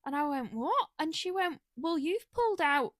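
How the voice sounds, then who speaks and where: A woman's voice: sits high, big pitch swings, normal speed, no echo, clean studio sound. A woman co-hosting a podcast, chatting casually and telling stories with lots of gushing, quoted reactions. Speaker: podcast co-host. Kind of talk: casual chat.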